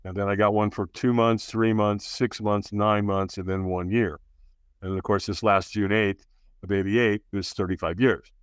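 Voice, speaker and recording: A man's voice: lowish voice, little pitch movement, moderate pace, clear, resonant tone, dry recording, studio quality. Candid man in his sixties telling his story. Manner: frank, earnest, full of fillers and restarts, acts out quotes. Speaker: podcast guest. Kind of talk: candid personal storytelling in an interview.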